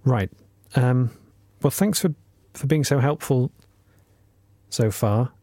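A man narrating a comedy podcast investigation in an earnest, self-important, deadpan way. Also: mid-range voice, slow, dry recording.

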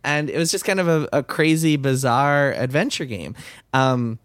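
A man's voice: medium pitch, normal speed, a bit bright, no echo. A man co-hosting a podcast, explaining game history in casual chat with frequent fillers. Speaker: podcast co-host.

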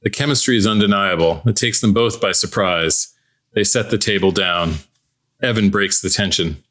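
A man's voice: lowish voice, moderate pace. Easygoing male podcast host. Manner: relaxed, conversational, some restarts. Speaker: podcast host and stage-direction reader. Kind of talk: scripted narration and podcast sign-off.

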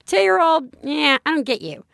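A high-pitched woman in her thirties co-hosts a parenting podcast and tells family stories in a loose, chatty way, full of "like" fillers and quick laughs. She slips into voices for the people in her anecdotes. The recording is dry and close. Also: sing-song, vocal fry, a bit bright, dry recording. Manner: chatty storyteller, many "like" fillers, laughs easily. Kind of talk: casual chat.

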